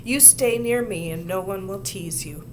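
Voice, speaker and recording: A kind kindergarten teacher speaks gently and soothingly to the children, as a woman reading aloud puts her on. Her voice stays close to an everyday tone, calm and patient, a storybook grown-up. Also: mid-range voice, normal speed, background noise, lightly acted. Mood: gentle.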